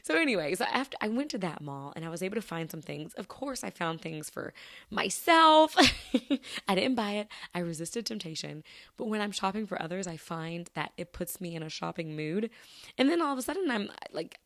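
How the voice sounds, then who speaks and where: A woman's voice: medium pitch, very animated, moderate pace, fairly bright tone, dry recording, studio quality. A woman hosting a solo podcast, chatting casually and rambling through everyday stories with lots of restarts. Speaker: podcast host.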